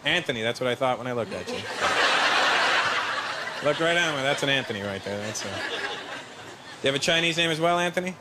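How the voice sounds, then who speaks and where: A man's voice: medium pitch, animated, fairly quick, long pauses. A man performing stand-up, teasing an audience member with playful crowd work. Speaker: stand-up comedian. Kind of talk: stand-up routine. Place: comedy stage before a live audience. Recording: live show with loud crowd and noise.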